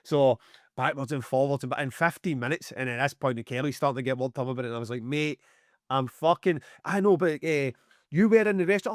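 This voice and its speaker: A man's voice: medium pitch, fast talker, no room sound, clean studio sound. A middle-aged Scottish man telling a story on a podcast, swearing freely and acting out both sides of the dialogue. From Scotland. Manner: animated, heavy swearing, acts out dialogue. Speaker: podcast co-host, music promoter. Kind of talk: casual storytelling chat.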